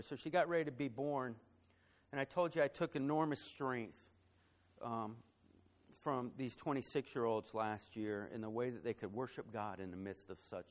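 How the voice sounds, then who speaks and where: Male pastor preaching with rising emphasis. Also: mid-range voice. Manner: fillers and repeated words in the story. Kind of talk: sermon.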